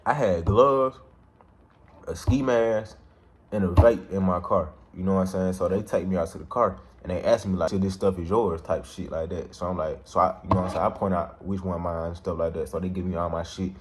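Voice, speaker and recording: A young man casually telling a personal story in heavy slang, animated and repeating "you know what I'm saying" as a filler. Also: sits low, brisk. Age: young adult.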